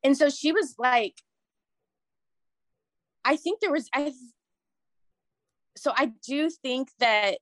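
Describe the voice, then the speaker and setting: Rambling, emotional woman, higher voice. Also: takes it slowly, pauses often, fairly bright tone, no echo. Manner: rambling, many restarts and fillers, emotional. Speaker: guest sharing a story. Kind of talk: casual chat.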